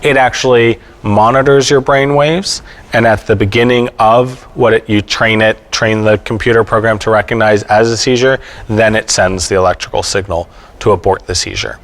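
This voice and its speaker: Low-voiced man explaining on a panel. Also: steady tone, normal speed, a bit bright. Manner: plain, patient explaining with frequent fillers and check-ins. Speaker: epileptologist speaking on an expert panel. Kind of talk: explanatory panel talk to families. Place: event panel before an audience.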